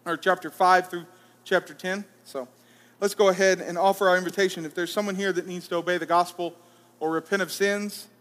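A man preaching to a congregation, reading scripture aloud and then talking it through in a relaxed, conversational way. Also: high-pitched. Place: church hall. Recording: reverberant church hall.

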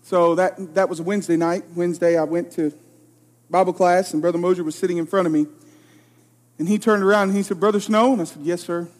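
A man's voice: high-pitched, steady tone, fast, darkish tone. A man in his late twenties preaching a sermon, telling a personal story with emphatic, self-deprecating delivery. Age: 20s. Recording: long hall reverb.

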